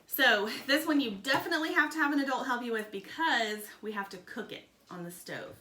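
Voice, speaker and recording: A mother in her thirties hosts a kids' science video from her home kitchen, chatting casually and giving cheerful, patient step-by-step cooking instructions to children. Her voice is fairly high, expressive, bright and forceful, and she talks a little fast. The kitchen is echoey, with clear background noise.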